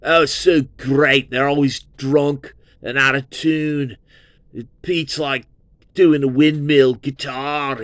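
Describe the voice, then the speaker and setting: A man in his fifties from Southern California hosts his own show, rambling through a profane, filler-heavy music review. He talks slowly, and his voice sits in a middle pitch. The recording is dry, with no room sound. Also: fairly bright tone, no echo. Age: 50s. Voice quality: profane, meandering, full of fillers.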